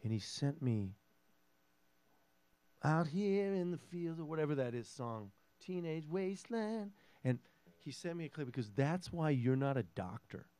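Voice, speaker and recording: A man's voice: on the high side, very animated, measured pace, mellow, clean tone, no echo. A man from Minnesota with a Minnesotan accent, a guest musician chatting casually between songs in a garage studio, joking and self-deprecating in a rambling way. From Minnesota, USA. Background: guitar.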